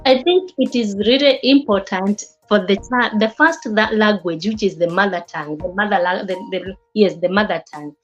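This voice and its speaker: A woman teaching a class on early childhood development, speaking haltingly and often repeating or restarting words. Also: medium pitch, faint music behind. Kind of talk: class lecture with students. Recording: slightly dull lo-fi recording.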